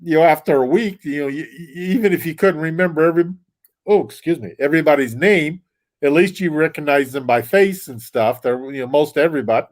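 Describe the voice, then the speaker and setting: A man's voice: fairly high pitch, brisk. A man talking as a guest on a livestream, rambling in a casual way with lots of restarts and small chuckles. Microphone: desk mic.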